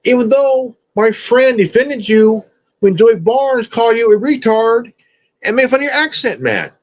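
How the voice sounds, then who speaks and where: A man's voice: extremely high pitch, animated, a little slow, low-quality recording. A man streamer ranting at someone in a confrontational, profane, repetitive way. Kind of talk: confrontational rant.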